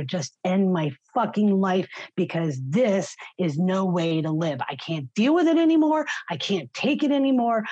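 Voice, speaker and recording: A woman's voice: fairly low pitch, a little mellow, slightly rough, no room sound. A middle-aged woman giving a raw, blunt personal testimony in an interview, swearing freely. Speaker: guest sharing her story. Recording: slightly muffled, dry recording.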